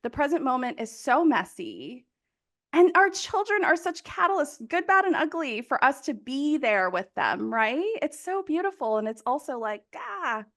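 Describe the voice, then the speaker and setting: High-voiced emotional woman podcast host. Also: big pitch swings, moderate pace, a bit bright. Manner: emotional, laughs easily, rambling. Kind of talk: casual conversation.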